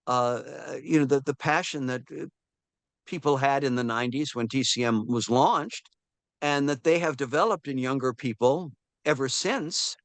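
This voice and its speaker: A man's voice: mid-range voice, normal speed, no room sound. A man in his seventies, a film historian giving an interview, telling stories animatedly, with frequent restarts and fillers. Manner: animated storyteller who acts out quoted voices. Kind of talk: casual interview storytelling.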